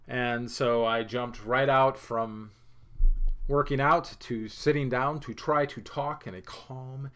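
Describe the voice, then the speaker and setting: A man's voice: medium pitch, steady tone, unhurried, pushed and bright. A man presenting a weekly market note in a casual, rambling way, out of breath after a workout and laughing at himself. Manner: chatty, self-deprecating, rambling with restarts. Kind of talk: casual unscripted market commentary.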